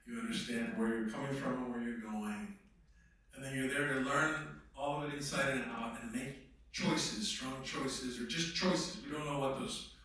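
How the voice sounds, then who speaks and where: With a medium pitch and fairly bright tone, a male actor gives an animated, conversational talk to a workshop crowd, stressing points and dropping into mock voices. The room is echoey and he sounds distant.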